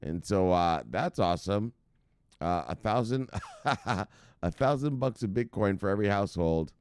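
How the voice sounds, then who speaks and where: A man's voice: fairly low pitch, expressive, normal speed, smooth, no echo, studio quality. A man hosting a crypto news show in casual, profane commentary, brash and laughing at his own jokes. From United States.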